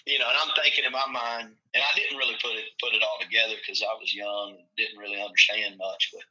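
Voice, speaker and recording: A man's voice: on the low side, level tone, fast talker, sharp tone, muffled recording. A man from Tennessee, a football coach, telling folksy stories in a casual chat and acting out the quotes.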